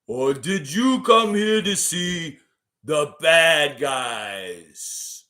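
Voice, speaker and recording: A man's voice: on the high side, animated, bright, forceful tone, full character voice. Man doing a cocky drawling wrestler heel. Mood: swaggering. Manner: slow drawled tough-guy delivery. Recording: voice from farther off the mic.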